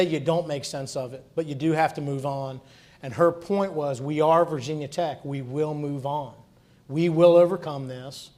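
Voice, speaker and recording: A man's voice: fairly high pitch, darkish tone. A middle-aged man giving an earnest, conversational conference talk, telling stories from his hospital work. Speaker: hospital executive speaking at a conference.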